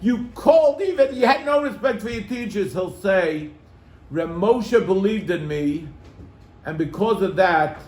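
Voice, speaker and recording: A man's voice: high-pitched, unhurried, reverberant. A man, a rabbi, telling a story to his congregation, acting out the people in it. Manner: animated, acts out quoted voices.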